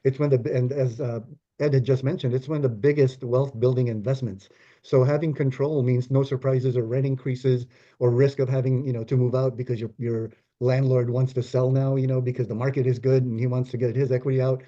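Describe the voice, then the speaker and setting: A man's voice: mid-range voice, flat delivery, brisk, warm tone, highs cut off. A man co-hosting a casual talk, speaking steadily and affirmingly with frequent filler words. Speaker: co-host.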